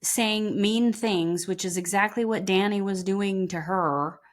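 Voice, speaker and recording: A woman's voice: medium pitch, a little slow. A woman co-hosting a podcast in casual chat, mostly agreeing in short replies and sometimes adding her own view. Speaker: podcast co-host.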